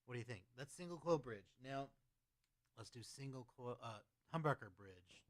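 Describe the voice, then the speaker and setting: A man's voice: medium pitch, animated, normal speed. A man hosting a casual livestream who chats loosely and reads out questions from his chat. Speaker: livestream host answering chat.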